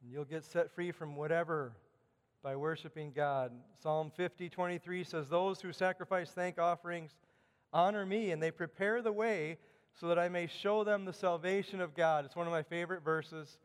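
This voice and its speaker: Midwestern man, preacher, fairly high, smooth resonant voice, long church reverb. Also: steady tone, normal speed. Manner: preaching, rising loud on quoted scripture. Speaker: pastor. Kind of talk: sermon. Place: church sanctuary.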